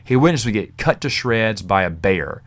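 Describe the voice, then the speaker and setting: A man's voice: fairly low pitch, lively intonation, moderate pace. A man hosting a podcast, casually reviewing a novel in a rambling, chatty way with fillers and the odd chuckle. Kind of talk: casual spoken book review.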